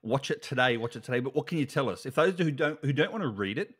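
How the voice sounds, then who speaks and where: A playful man co-hosting a podcast, his voice sitting at an ordinary middle pitch. He teases his guests and laughs easily as he chats. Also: animated, quick pace, fairly bright tone, slightly rough. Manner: playful, teasing, laughs often. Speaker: podcast co-host. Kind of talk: casual podcast chat.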